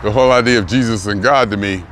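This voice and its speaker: A man's voice: lowish voice, fast. Rambling older man outdoors by traffic. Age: 60s. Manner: rambling, repeats himself, emphatic. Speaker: vlogger. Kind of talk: reflective casual monologue. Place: outdoors near a car rental lot. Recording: noisy outdoor street recording. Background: traffic and city noise.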